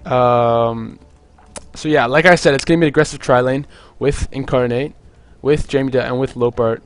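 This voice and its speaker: A man's voice: mid-range voice, fairly even intonation, moderate pace. Rambling young male game caster. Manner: rambling, jokey, lots of "like" fillers. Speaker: esports caster. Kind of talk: solo play-by-play commentary.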